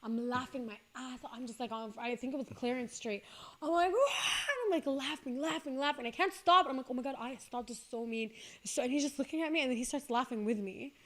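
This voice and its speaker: A young woman on a podcast, chatting casually and telling an animated story while laughing at herself. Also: high-pitched, fast talker, slight background noise. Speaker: podcast guest. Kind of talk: casual chat.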